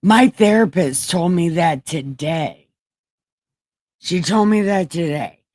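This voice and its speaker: Woman streamer, unhurried, cussing and rambling, dead-dry room sound. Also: fairly low pitch, animated, darkish tone, no room sound. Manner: profane, rambling, self-mocking. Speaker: livestream host. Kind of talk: casual irreverent bible-reading livestream.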